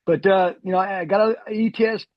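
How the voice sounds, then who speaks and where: A man in his fifties, an army veteran, telling animated, slangy war stories in a casual way. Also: high voice, quick pace, no room sound. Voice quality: animated, slangy, says "dude". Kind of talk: casual storytelling. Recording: dull lo-fi recording.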